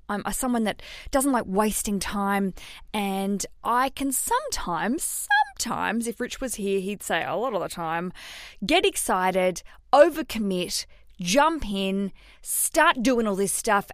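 A woman's voice: medium pitch, animated, measured pace, dry recording, clean studio sound. Chatty self-mocking woman podcast host. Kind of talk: casual solo podcast chat. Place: recording booth in a city flat.

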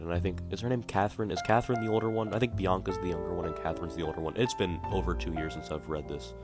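A man's voice: low voice, steady tone, rapid-fire, hardly any pauses. A man casually retelling a play in a rambling, wry way, often correcting himself. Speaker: podcast host. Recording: guitar music playing behind.

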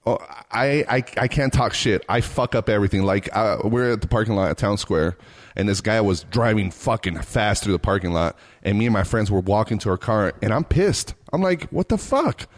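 Low voiced guy from reno, chatty, cussing and laughing thru his stories. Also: a little fast. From Reno, Nevada. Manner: animated storyteller, swears freely, laughs often. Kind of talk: casual chat.

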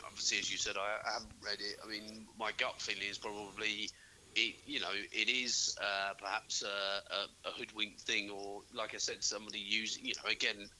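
A man's voice: fairly low pitch, little pitch movement, fairly quick, bright, forceful tone, slight background noise, poor audio. A man, co-hosting a casual sports podcast, talking hesitantly with many fillers and restarts. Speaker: podcast co-host. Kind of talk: casual chat.

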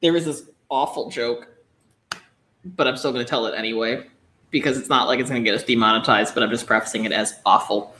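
A podcast co-host chats in a relaxed, joking way with a mid-pitched voice. Now and then the voice drops to a whisper. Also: brisk, slight background noise. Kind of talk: casual chat.

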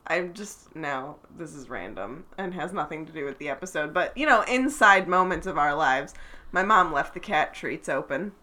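A woman's voice: low voice, expressive, normal speed, bright, forceful tone. A young woman co-hosting a podcast, chatting casually and drifting into side remarks. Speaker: podcast co-host. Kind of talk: casual chat.

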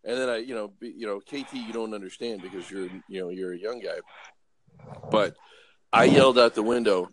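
A middle-aged man from Los Angeles casually telling a story, animated, acting out voices and restarting often. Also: lowish voice, fairly quick, a little hiss or hum. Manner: animated, acts out voices, swears, frequent restarts. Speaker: guest storyteller.

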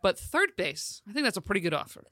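A woman's voice: medium pitch, very animated, quick pace, pushed and bright. A woman hosting a podcast in casual chat, teasing her guest and laughing easily. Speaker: podcast host.

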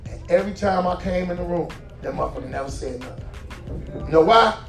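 A man in his forties telling a profane stand-up story, animated and laughing as he goes. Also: sits high, quick pace, gravelly. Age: 40s. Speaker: stand-up comedian. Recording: roomy hall, distant mic, faint music.

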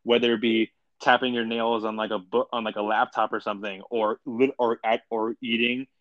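A man's voice: medium pitch, flat delivery, moderate pace, a bit bright, dry recording. Blunt young man with dull lo-fi sound. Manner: blunt, opinionated, slangy. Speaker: podcast co-host. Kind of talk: casual chat.

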